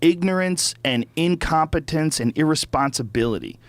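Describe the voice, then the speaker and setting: A middle-aged podcast host, his voice a little high and animated, tells a story at a moderate pace with no echo in the recording. It becomes a casual, profane rant, heating up and circling repetitively whenever he gets worked up.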